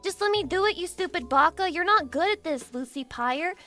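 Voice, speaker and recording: A woman's voice: extremely high pitch, lively intonation, brisk, sharp tone, faint music behind, voice pushed up, heavily acted. A woman voicing a pushy, condescending backseat gamer who impatiently demands the controller. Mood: bossy.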